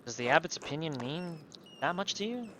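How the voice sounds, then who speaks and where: A man's voice: on the high side, very animated, a little fast, background noise. A man reading a polite painter's lines. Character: middle-aged male painter, polite and plain.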